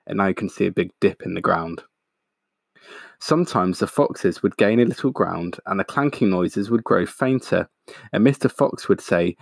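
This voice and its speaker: A man reading a children's picture book aloud, steady and expressive. His low voice has a gravelly fry, and the sound is dry and close. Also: moderate pace, no echo. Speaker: storyteller.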